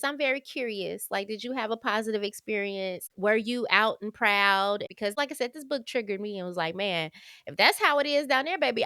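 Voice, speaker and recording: A woman's voice: medium pitch, a bit bright, clear, resonant tone, dry recording, clean studio sound. A woman hosting a podcast, chatting candidly about books and calling her listeners y'all. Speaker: podcast host. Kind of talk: casual book review chat.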